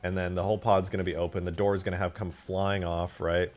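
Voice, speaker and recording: Excitable, foul-mouthed male streamer, low voice. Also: fairly quick, soft background music. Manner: excitable, swears a lot, flares into loud outbursts. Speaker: game modder streaming live. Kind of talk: casual live-stream commentary.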